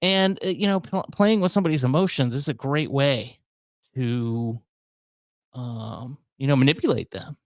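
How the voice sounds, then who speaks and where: A man's voice: medium pitch, normal speed, no echo. Rambling, self-mocking man in his thirties. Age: 30s. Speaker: podcast host. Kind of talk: casual solo monologue.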